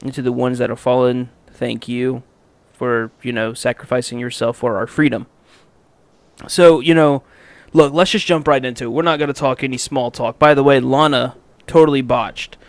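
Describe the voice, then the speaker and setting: A man's voice: medium pitch, fairly even intonation, moderate pace, no echo. A man hosting a casual podcast, talking in an upbeat, blunt way with frequent laughs. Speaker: podcast host. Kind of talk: casual wrestling review chat.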